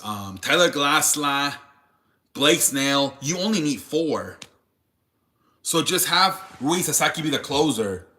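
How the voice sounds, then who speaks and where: Bright-voiced man ranting on a sports stream. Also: mid-range voice. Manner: rambling, profane, talks to chat viewers. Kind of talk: casual live-stream sports chat.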